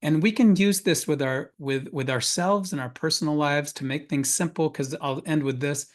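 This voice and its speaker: Speaking at a moderate pace in a somewhat high voice, a father of a school-age child shares a personal story on a webinar panel. He's earnest but keeps restarting his sentences.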